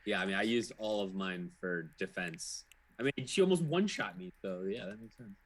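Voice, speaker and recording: A man playing in a tabletop game, chatting casually as his character in a relaxed, joking way. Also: fairly low pitch, normal speed, low-quality recording. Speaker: player.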